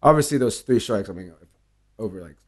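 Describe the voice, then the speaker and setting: A man with a slightly low voice tells stories in a loose, conversational way. He swears often and slips into acted-out lines from the people he is describing. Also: brisk. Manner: animated storyteller, acts out quoted dialogue, swears freely. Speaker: bartender guest. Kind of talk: casual storytelling interview.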